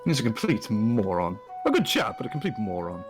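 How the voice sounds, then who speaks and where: A man's voice: fairly low pitch, huge pitch swings, fairly quick, pitched below the performer's own voice. A man voicing a jovial, scheming male town official who hedges and trades favours. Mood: chummy. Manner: chummy, hedging, fond of favours. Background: faint background music.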